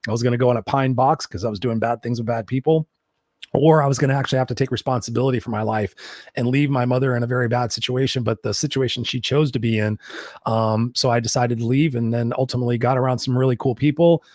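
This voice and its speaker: A man's voice: medium pitch, steady tone, quick pace, darkish tone, no echo, studio quality. A man who works as a life coach, guest in an interview, telling his story bluntly and candidly, with some swearing.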